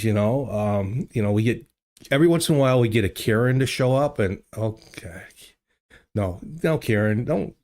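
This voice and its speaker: Speaking through a desk microphone, this older livestream host chats casually with his viewers from a home studio. His voice sits on the low side with a darkish tone, and he rambles along with many fillers and restarts.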